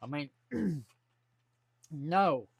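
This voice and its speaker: A man's voice: on the high side, animated, drawn-out words, gravelly, breathy edge, dry recording. A man, talking bluntly and folksily to camera from his home office. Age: 40s. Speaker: vlogger. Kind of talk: casual to-camera monologue.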